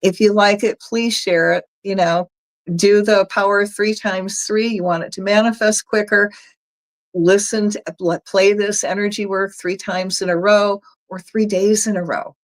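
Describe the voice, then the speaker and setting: A woman's voice: mid-range voice, steady tone, moderate pace, low-quality recording. A woman with a Southern US accent, an energy healer leading a chatty, folksy guided energy work session for viewers. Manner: chatty, folksy, talks viewers through steps.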